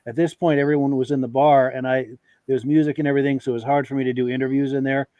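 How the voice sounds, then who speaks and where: A man's voice: medium pitch, little pitch movement, very fast, mellow, no room sound, muffled recording. A man hosting a live show in a casual chat, upbeat and agreeable as he reads out viewer comments. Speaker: host.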